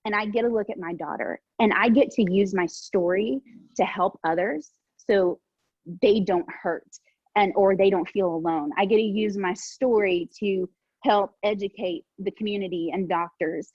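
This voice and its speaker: A woman of forty speaking earnestly on a video call, laughing often and pausing on ums. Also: mid-range voice, a little mellow, husky, dry recording. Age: 40s. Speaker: panelist. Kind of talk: casual video call discussion. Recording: dull lo-fi video call audio.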